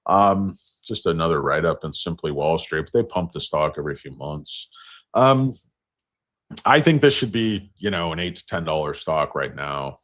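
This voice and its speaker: A deep-voiced man talks casually about stocks in a loose, rambling way. He mixes in crude jokes and side tangents. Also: animated, moderate pace, a bit bright. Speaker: stock market vlogger. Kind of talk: casual chat.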